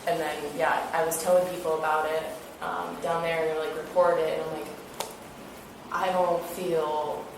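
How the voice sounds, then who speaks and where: Young woman telling a story, lots of "like", far off mic, boomy room, some hiss. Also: flat delivery, a little fast, creaky, hardly any pauses, heavy reverb. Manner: chatty, full of fillers, acts out quotes. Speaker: interviewee recounting an incident. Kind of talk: casual retelling. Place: interview room.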